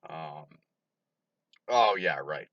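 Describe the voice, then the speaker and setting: A man's voice: extremely low pitch, expressive, extremely slow, a bit bright, no room sound. A drunk man rambling through stories to camera, swearing and laughing often. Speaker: vlogger. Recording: dull lo-fi recording.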